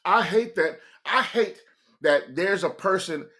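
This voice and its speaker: A man from California telling a story on his stream, animated and slangy, with many stops and restarts. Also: high voice, takes it slowly. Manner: animated, slangy, stop-and-start. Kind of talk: casual storytelling.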